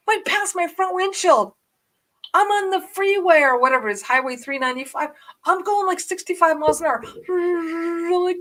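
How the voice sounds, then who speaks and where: Brief: woman vlogger, casual storytelling to camera, excitable and rambling, swings from hushed to loud. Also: high voice, normal speed.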